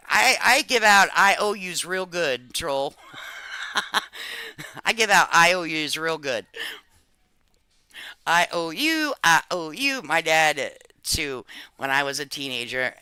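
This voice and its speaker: Woman, casual live-stream host, brash and profane, sharp bright tone, dry close sound. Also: low-pitched, dry recording. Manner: calls people honey.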